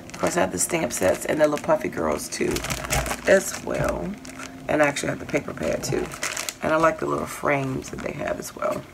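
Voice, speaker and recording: A woman's voice: deep voice, sing-song, a little fast, creaky, noisy background. A middle-aged woman hosting a casual crafting haul vlog, chatting in a rambling way and listing her finds with lots of fillers. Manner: chatty, rambling, lists items with many fillers. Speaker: crafting channel host.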